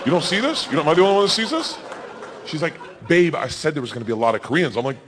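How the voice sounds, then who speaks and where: A man in his forties performs stand-up in a comedy club, his pitch leaping all over as he tells a crude story. His voice sits a little high for a man. Audience noise from the live room is clearly heard under him. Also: rapid-fire. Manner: loud, animated storytelling with crude jokes.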